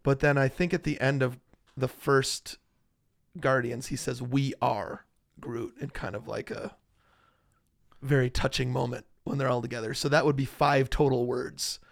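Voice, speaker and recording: A man hosting a podcast in relaxed, chatty conversation that often trails off into fillers. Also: mid-range voice, moderate pace, creaky, no echo, studio quality. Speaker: podcast host. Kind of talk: casual chat.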